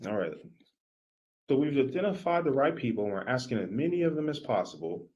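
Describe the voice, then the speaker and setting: Energetic man coaching with lively pitch. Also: brisk, muffled recording. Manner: energetic, animated, talks straight to the audience. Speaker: business coach. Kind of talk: live coaching workshop talk.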